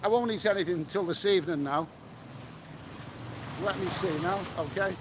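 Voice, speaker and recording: A middle-aged man with a fairly high voice chats bluntly through a street livestream, answering viewers as he goes. Faint traffic hums behind him in the open air, and he snaps quickly at anyone who needles him. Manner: blunt, chatty, quick to snap at trolls. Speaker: travel vlogger reading live chat. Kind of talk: casual livestream chat. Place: outdoors on a city street.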